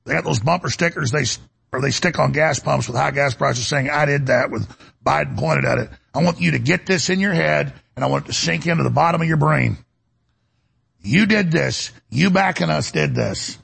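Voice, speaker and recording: A fifty-year-old man hosting a talk radio show, delivering a fervent, preachy monologue that swings from loud to hushed. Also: fairly high pitch, normal speed, vocal fry, breathy edge.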